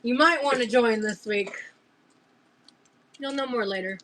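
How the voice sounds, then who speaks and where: A young woman livestreaming as she opens gifts, talking in gushing, breathy exclamations full of fillers. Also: fairly high pitch, measured pace, fairly bright tone, low-quality recording. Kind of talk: casual livestream chat.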